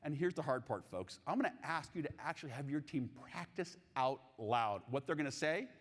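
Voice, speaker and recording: Man, keynote speaker, lively pitch swings, long hall reverb. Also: moderate pace. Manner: animated, jokey, asks audience questions. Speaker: keynote speaker on sales coaching. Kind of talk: live conference keynote.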